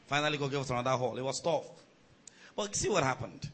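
A man preaching a sermon as pastor. His delivery swings between loud, shouted surges and quieter storytelling. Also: medium pitch, lively intonation, quick pace, rough recording.

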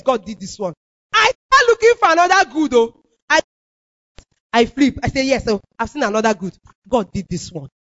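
A woman with a Nigerian accent preaching a testimony sermon, swinging between low murmurs and loud declarations. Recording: dull lo-fi recording.

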